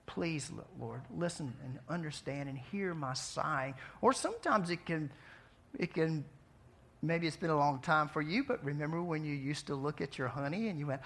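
A man preaching a sermon in a conversational way, asking his listeners questions and swinging between soft, quiet passages and emphatic outbursts. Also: fairly high pitch, normal speed. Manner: conversational, asks the audience questions. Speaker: pastor.

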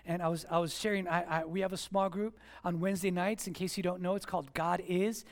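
A man preaching a sermon as pastor, moving between quiet asides and raised, animated exhortation. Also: high-pitched. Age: adult with children at home.

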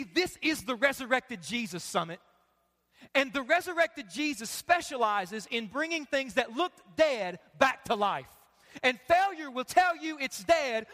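A male pastor preaching a sermon, animated and humorous, swinging between loud bursts and hushed lines. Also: very high voice. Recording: long hall reverb.

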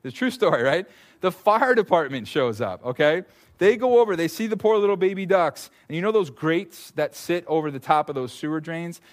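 Animated man preaching a sermon. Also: on the high side, moderate pace. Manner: animated storytelling with sudden loud bursts. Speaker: pastor.

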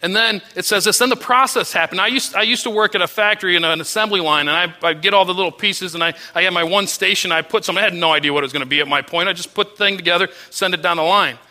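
Pastor mid-sermon, man, high and very bright voice, earnest, with soft low drops on key lines. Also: fast talker, few pauses. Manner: earnest preaching with restarts, voice dropping low and soft on key phrases.

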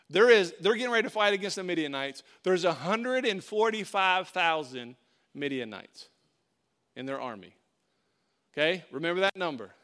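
A man's voice: high-pitched, a bit bright. A man preaching a sermon, telling a personal story and acting out the voices in it. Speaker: pastor.

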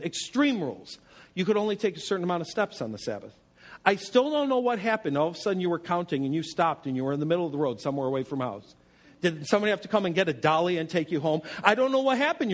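A man preaching a sermon as pastor, animated and humorous, telling stories and asking rhetorical questions. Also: sits high.

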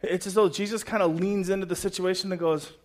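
A man, a pastor, preaching a sermon in a conversational, expressive way, dropping to a hush and then rising to loud emphasis. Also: high voice, fast. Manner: swings between hushed and loud emphasis.

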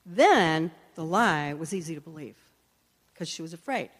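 A woman's voice: low voice, animated, normal speed, husky. A woman teaching a sermon, telling earnest personal stories and acting out the voices of the people in them. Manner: earnest storytelling, acts out quoted voices. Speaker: Christian teacher and prayer minister. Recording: long echoey hall reverb.

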